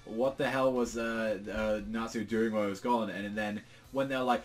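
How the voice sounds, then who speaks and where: A man's voice: on the low side, brisk, faint music behind. A young British man casually reviewing a manga chapter, rambling with many fillers and swearing, and jumping into exaggerated quoted voices. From Britain. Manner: rambling, lots of fillers and swearing, acts out quotes in jumpy bursts. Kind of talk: casual solo review chat.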